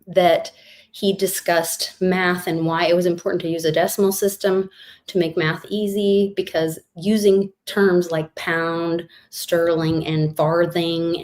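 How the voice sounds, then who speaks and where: Low-voiced tired woman. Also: darkish tone. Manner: chatty, a bit scattered, loses her words. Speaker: co-host. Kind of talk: casual chat.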